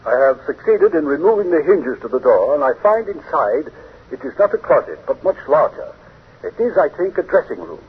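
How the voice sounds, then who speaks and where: A formal, methodical male investigator reports in precise, measured phrases. His voice is husky and lively in pitch. The sound is tinny, like an old radio broadcast. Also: exaggerated voice. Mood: hurried. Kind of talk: 1940s radio drama acting.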